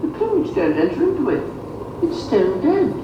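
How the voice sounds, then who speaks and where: A woman's voice: high voice, wildly swooping pitch, moderate pace, noisy background. A woman playing an exasperated, insistent customer complaining about a dead parrot in a comedy sketch. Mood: indignant. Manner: exasperated, insistent, mock-formal. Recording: echoey, dull clip played through speakers.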